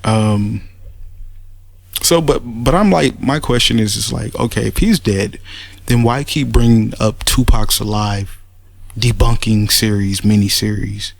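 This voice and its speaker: A man's voice: on the low side, measured pace, creaky, no echo. A man giving a mocking, rambling spoken rebuttal, sarcastic and full of restarts. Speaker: commentator making a response audio.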